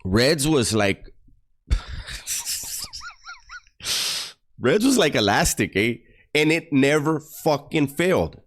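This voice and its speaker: A man telling profane, animated stories about prison to his online audience. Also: mid-range voice, a little slow. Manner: animated, profane, mock-disgusted storytelling. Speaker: YouTuber recounting prison stories. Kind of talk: casual storytelling to a livestream audience.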